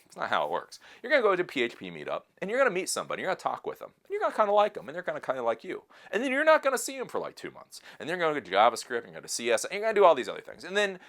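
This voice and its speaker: A man in his late thirties hosting a casual advice talk, speaking animatedly and mimicking other people in high put-on voices. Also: huge pitch swings, rapid-fire, fairly bright tone. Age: 30s. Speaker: host.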